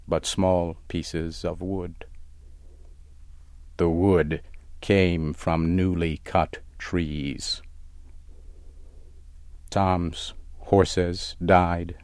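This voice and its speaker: A man narrating a story in a slow, deliberate, plain reading style. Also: sits low, flat delivery, darkish tone, dry recording.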